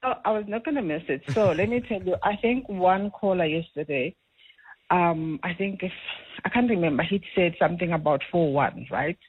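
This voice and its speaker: A middle-aged woman calling a radio show, animated and talkative as she tells her story. Her husky voice comes through a thin, tinny phone line. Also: fairly low pitch, moderate pace, no echo. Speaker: caller. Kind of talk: phone-in chat. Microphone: telephone.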